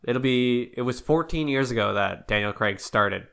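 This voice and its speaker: A man's voice: mid-range voice, normal speed, creaky, a bit bright, clean tone. A young man co-hosting a podcast in casual chat, rambling and laughing often. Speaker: podcast co-host.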